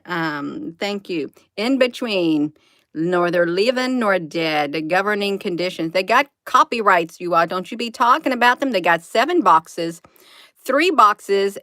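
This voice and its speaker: A woman's voice: mid-range voice, fairly bright tone, no room sound, clean studio sound. A woman hosting a casual livestream, rambling through documents, giggling and talking straight to her viewers. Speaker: livestream host.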